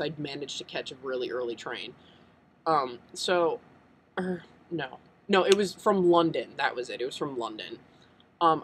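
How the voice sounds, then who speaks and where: A man's voice: a little high, a bit bright, a little hiss or hum, rough recording. A young American man chatting casually in a vlog, rambling and full of ums. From United States. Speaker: vlogger.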